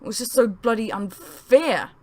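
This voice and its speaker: A woman's voice: on the high side, moderate pace. A woman author narrating her own novel as an audiobook. She tells it in the first person, leaning into the feelings of each line. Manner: expressive first-person storytelling.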